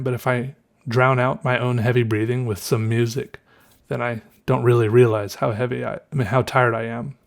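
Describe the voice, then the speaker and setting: Southern US male podcast host, easygoing rambling monologue, mid-pitched voice, thinks aloud and corrects himself. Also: a little mellow. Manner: rambling, musing, self-correcting, chuckles often. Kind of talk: casual solo podcast monologue.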